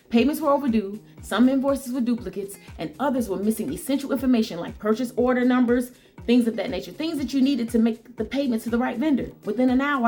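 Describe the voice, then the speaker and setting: A woman's voice: a little high, darkish tone. A woman vlogger telling a work story to her viewers, chatty and repetitive, calling them guys and y'all. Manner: chatty, repeats lines for emphasis, talks to "guys" and "y'all". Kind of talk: casual storytelling to camera.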